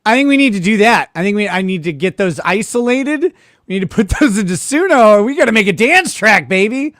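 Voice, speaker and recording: A man's voice: sits high, lively intonation, brisk, fairly bright tone, slight background noise. A man hosting live legal commentary, mocking the footage he reacts to and laughing often.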